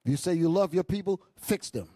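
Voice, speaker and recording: Preacher man from new york going hard in a sermon, kinda high voice, dry close sound, keeps asking the room y'all feel me. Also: expressive, brisk, warm tone, no room sound. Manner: impassioned, swings between high bursts and low asides; calls out to the congregation. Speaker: bishop and preacher. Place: church hall.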